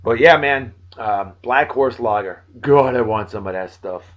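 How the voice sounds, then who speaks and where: A tired man in his forties, hosting a video blog, giving friendly, joking shout-outs to friends and jumping between loud bursts and low mumbles. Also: unhurried, muffled recording. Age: 40s.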